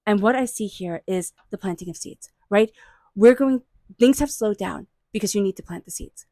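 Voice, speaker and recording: Speaking at a moderate pace into her own microphone, a woman in a mid-range voice gives a tarot reading. She murmurs invocations to angels and spirit guides and offers warm, excited encouragement, with no echo in the recording.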